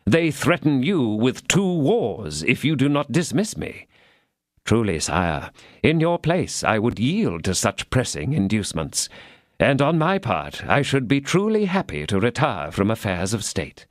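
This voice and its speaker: A man reading an audiobook, voicing a scheming cardinal in a low, soft, measured tone. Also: wildly swooping pitch, dry recording, studio quality. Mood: sly.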